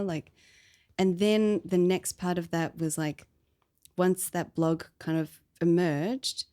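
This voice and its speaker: A woman's voice: on the low side, fairly even intonation, unhurried, mellow. A woman, the founder of a podcast, chatting casually about her story in a rambling way full of fillers. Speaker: podcast founder being interviewed.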